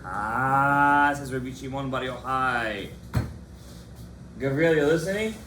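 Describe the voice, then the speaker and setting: A man, a rabbi, giving a lively Torah class to students in a study hall, animated and impassioned, calling on his students by name. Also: mid-range voice, slow, a little hiss or hum.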